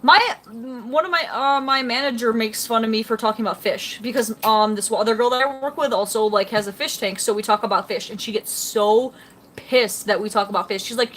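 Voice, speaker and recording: A woman's voice: a little high, a little fast, a bit bright, slight background noise. A young woman chatting casually on a live stream, rambling and reading out chat comments beside her fish tank at home. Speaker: fish-keeping livestreamer.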